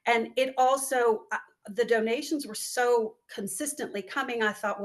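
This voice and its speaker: A woman with a fairly high voice tells her story in an interview. She speaks earnestly and from the heart. She often slips into the voices of the people she quotes. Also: normal speed, a bit bright. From northwest North Carolina. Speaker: guest, business owner and charity founder. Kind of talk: interview answers, personal storytelling.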